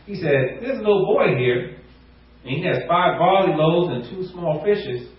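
Man preaching, kinda high voice, gets loud and acts out the quotes, mic far off, big echo. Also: moderate pace. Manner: animated, rising to near shouts, acts out quotes. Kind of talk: sermon. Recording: echoey room, distant mic, muffled.

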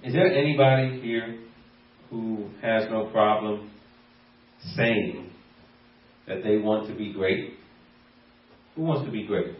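A man's voice: fairly low pitch, takes it slowly, long pauses. A man preaching a sermon as a pastor, playful and laughing often as he acts out bits of everyday talk. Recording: echoey room, voice from far off, dull sound.

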